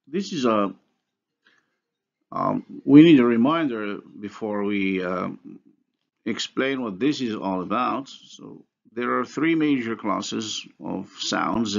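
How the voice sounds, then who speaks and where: A man giving a recorded university lecture on phonology, explaining slowly and methodically with pauses and small restarts. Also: lowish voice, gravelly, muffled recording.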